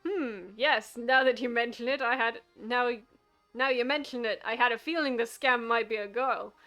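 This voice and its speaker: A woman's voice: a little high, normal speed, pushed and bright, soft background music. Woman putting on a blustering old husband. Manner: hearty, rambling.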